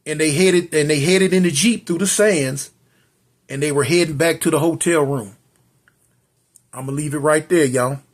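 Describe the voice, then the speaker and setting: Husky storytelling man, high voice. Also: moderate pace. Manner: loose, conversational, dramatic sound effects. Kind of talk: spoken serial story.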